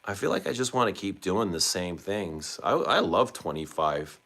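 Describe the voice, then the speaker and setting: Deep-voiced man hosting a chatty livestream. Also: animated, moderate pace, a bit bright. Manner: chatty, asks viewers questions. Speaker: livestream host. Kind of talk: casual livestream chat reading comments.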